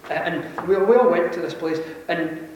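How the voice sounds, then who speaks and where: A Scottish man with a Glasgow accent telling an animated, self-deprecating story to a conference audience, chuckling often. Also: a little high, moderate pace, highs cut off. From Scotland. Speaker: conference speaker. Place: large conference hall. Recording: very echoey hall, mic far off, faint hiss.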